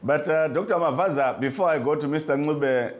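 A man moderates a studio call-in debate, calm and steady. His voice sits a little above the usual male range. He hands the floor between guests politely. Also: fairly high pitch, brisk. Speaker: radio host.

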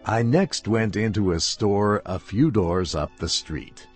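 A man reading a first-person story aloud in a slow, deliberate way. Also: on the low side, animated, loud music behind the voice.

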